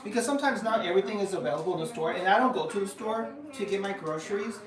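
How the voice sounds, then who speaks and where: A woman's voice: medium pitch, rapid-fire, crowd noise. A middle-aged woman chatting casually on a live stream from her home, rambling with many fillers and restarts. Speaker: livestream host. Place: room at home. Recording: echoey room, voice a bit far from the mic.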